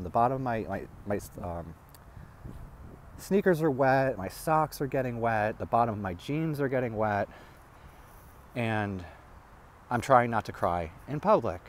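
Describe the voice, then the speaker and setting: A man telling a rambling personal story as a vlogger, halting and restarting as he talks. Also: medium pitch, lively intonation, slight background noise.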